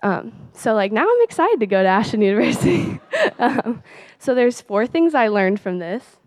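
A woman's voice: on the high side, big pitch swings, moderate pace, no room sound, studio quality. A teenage girl sharing a personal faith testimony in a chatty way, full of "like" and little laughs. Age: late teens. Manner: chatty, peppered with "like" and soft laughs.

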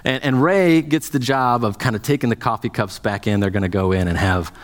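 A man's voice: mid-range voice, a little fast, big-room sound. A man preaching a sermon as pastor, speaking conversationally with many restarts and fillers.

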